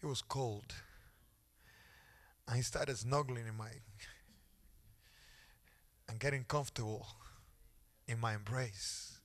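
A middle-aged male pastor telling a story in a sermon with animated, dramatic delivery. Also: mid-range voice, takes it slowly, long pauses.

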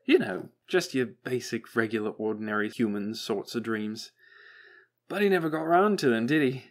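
A man voicing a manic, chattering male robot who rambles flippantly and bitterly, jumping high in pitch when excited. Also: moderate pace, lightly acted. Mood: mock storytelling. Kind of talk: audiobook character voice.

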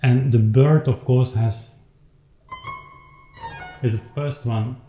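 A man who speaks as an explains his recording in thoughtful, halting speech, playing his clavichord between remarks. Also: medium pitch, steady tone, dark tone, soft background music. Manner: thoughtful, halting, with many restarts while counting beats and playing. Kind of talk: informal spoken commentary on a piece. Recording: roomy home recording with instrument.

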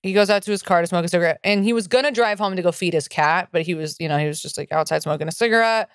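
Young woman comic, podcast co-host, smooth voice, dry close mic, swears a lot. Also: on the low side, very fast, no room sound. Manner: profane, riled-up ranting. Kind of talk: ranting casual chat.

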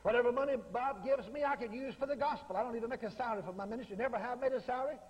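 A man's voice: very high voice, racing, muffled recording, noisy background. A man preaching a revival sermon, bold and emphatic, hammering his points through repetition. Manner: bold, emphatic, repeating phrases. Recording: echoey hall with long reverb.

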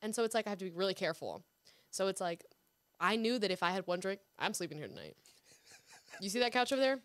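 Playful, lively young woman, dry sound. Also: medium pitch, no room sound. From Houston, Texas. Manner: playful, teasing, quick to joke. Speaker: guest actress. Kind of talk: casual podcast chat. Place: host's apartment.

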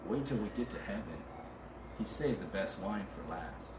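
Casual joking pastor in a roomy church. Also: male voice, on the low side, lively intonation, moderate pace. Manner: casual, joking, reads scripture aloud. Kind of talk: conversational sermon. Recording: roomy and distant with background noise.

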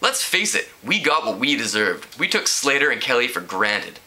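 A man plays a cocky, scheming high school boy who jokes his way through trouble. He talks persuasively, in a very bright voice. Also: sing-song, moderate pace, poor audio. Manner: joking, persuasive. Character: scheming wisecracking teen boy.

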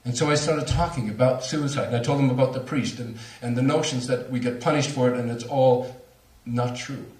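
A man's voice: medium pitch, fairly quick, few pauses, far from the mic. Man telling a story in a roomy hall. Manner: animated, laughing storyteller. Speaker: lecturer on near-death experiences. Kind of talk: storytelling at a talk.

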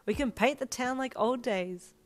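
A woman's voice: fairly high pitch, normal speed, soft background music, voice pushed up, lightly acted. A woman voicing a cheerful, affectionate young mother, the listener's character in a fanfiction reading. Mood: bubbly. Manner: bubbly, affectionate.

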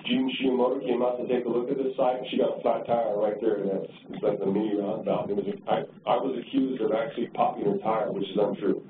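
A man's voice: fairly low pitch, steady tone, fast, hardly any pauses. A man giving a conference presentation in a loose, conversational way, often repeating words as he thinks. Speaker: transportation agency director giving a talk. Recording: distant, tinny and roomy with noise.

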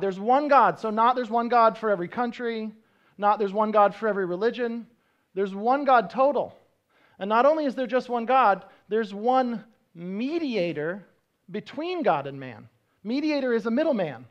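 A man's voice: sits high, muffled recording. Man preaching a conversational sermon. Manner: conversational, explanatory, restarts mid-sentence. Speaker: pastor.

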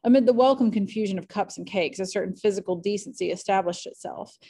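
A woman reads a classic novel aloud at home, her voice sitting at an ordinary middle pitch. Her storytelling is clear and expressive, carrying the narration at an even, steady pace. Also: fast. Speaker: audiobook reader.

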